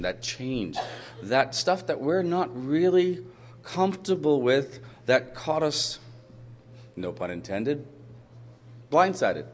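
A man speaking into a handheld microphone to a live audience, telling a personal story with candid, self-mocking humor and banter. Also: mid-range voice.

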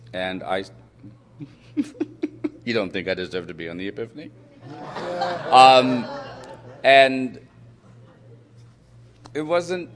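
A man's voice: on the low side, fairly bright tone, a little hiss or hum. A man speaking into a handheld microphone to a live audience, telling a personal story with candid, self-mocking humor and banter.

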